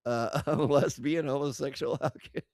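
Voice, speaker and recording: A man's voice: medium pitch, steady tone, moderate pace, gravelly, darkish tone, no echo. A man hosting a livestream, reading chat aloud and mocking it, swearing and laughing often, close to his desk mic. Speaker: livestream host.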